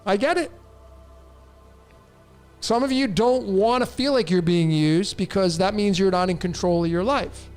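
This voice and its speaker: A man's voice: high-pitched, a little slow, pauses often, darkish tone, faint music behind. A man hosting a numerology show who answers viewer questions in a blunt, emphatic monologue and speaks straight to his listeners.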